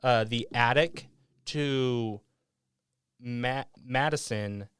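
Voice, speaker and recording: A man's voice: medium pitch, very slow, a bit bright, clear, resonant tone, no echo, studio quality. A man hosting a podcast, casually retelling a movie scene by scene in a rambling way. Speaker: podcast host.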